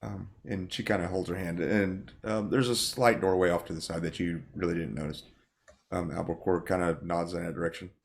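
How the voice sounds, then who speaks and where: A man narrating a tabletop game as its game master, in a loose, hedging way. His voice sits low and has a gravelly fry. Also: steady tone, fairly quick.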